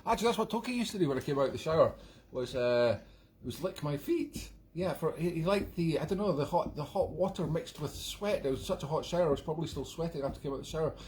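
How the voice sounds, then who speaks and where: A man's voice: a little high, quick pace, darkish tone. A man hosting a live online music show, chatting in a rambling, self-mocking, jokey way between songs.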